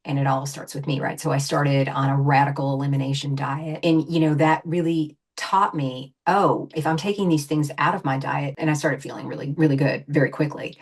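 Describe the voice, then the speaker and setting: A woman's voice: low voice, fairly even intonation, fairly quick, darkish tone. A woman in her fifties, a guest talking in an emphatic, chatty way full of fillers about her own experience. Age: 50s. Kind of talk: casual interview chat.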